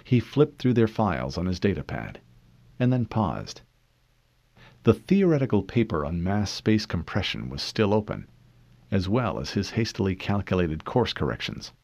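Male narrator, lowish voice, lively reading, dry lo-fi audiobook sound. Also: moderate pace, no echo. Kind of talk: scripted narration.

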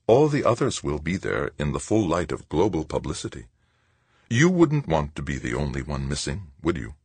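A man's voice: rumbling low, sing-song, normal speed, darkish tone, breathy edge, no room sound, heavily acted. A man voicing a female nun who coaxes and sweet-talks with a barely veiled threat. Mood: coaxing. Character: smiling, cajoling nun.

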